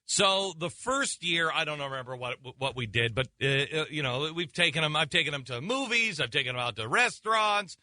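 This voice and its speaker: A radio talk show host in his forties tells a comic story at a moderate pace with few pauses, his slightly high voice sharp and lively in intonation. He is sarcastic and rambling, restarting often, on a close studio mic with a dry recording.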